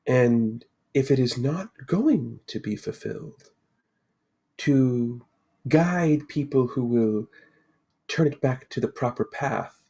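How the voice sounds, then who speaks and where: A man's voice: mid-range voice, warm tone, husky, full character voice. A man voicing a serene ancient spirit woman. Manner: slow, measured, solemn pronouncements. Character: serene ancient female fate spirit, calm and cryptic.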